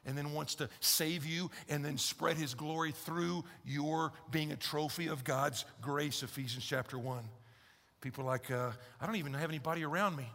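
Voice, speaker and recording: A male pastor preaching a conversational, emphatic sermon in a large church, swinging from loud to hushed. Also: a little high, gravelly. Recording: long hall reverb in a church.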